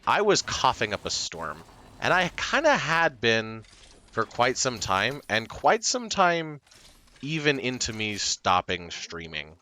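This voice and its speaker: A man's voice: on the low side, pushed and bright. A man chatting casually to his stream viewers, rambling and self-deprecating, with plenty of fillers, restarts and short laughs.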